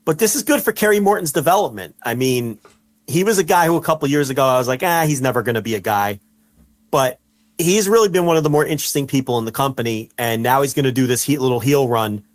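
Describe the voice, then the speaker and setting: A man co-hosting a casual wrestling podcast, telling stories with animation and shouting out the lines he quotes. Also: mid-range voice, expressive, quick pace. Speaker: podcast co-host.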